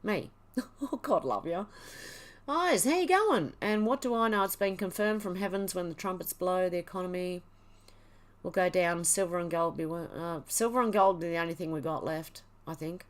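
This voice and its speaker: A woman's voice: on the low side, normal speed. A woman, hosting a casual livestream, reading headlines and viewer comments in a chatty, exclaiming way and laughing often. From Australia. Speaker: livestream host.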